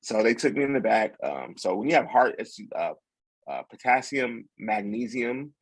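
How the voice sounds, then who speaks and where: A man in his forties telling a personal story in casual chat, acting out what others said with lively slang. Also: medium pitch, moderate pace, breathy edge, no room sound. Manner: animated, acts out quotes with slang. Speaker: podcast guest.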